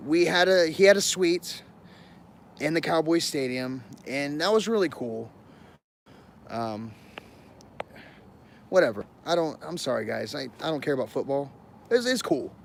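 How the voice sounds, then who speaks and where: A man's voice: mid-range voice, a little hiss or hum. A man livestreaming from his phone outdoors near his home. He tells a personal story in a casual, rambling way, with many fillers and apologies to his viewers.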